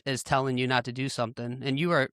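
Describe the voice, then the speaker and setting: A man's voice: medium pitch, little pitch movement, fast talker, a bit bright, clean tone, no echo, studio quality. A man hosting a podcast, chatting in a thoughtful, hesitant way with frequent restarts. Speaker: podcast host. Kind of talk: casual interview chat.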